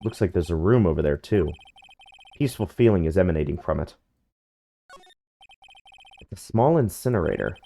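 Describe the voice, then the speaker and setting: A man's voice: sits low, expressive, moderate pace, vocal fry, pauses often, dark tone. A man reading game dialogue aloud in a dry, wry tone during a playthrough.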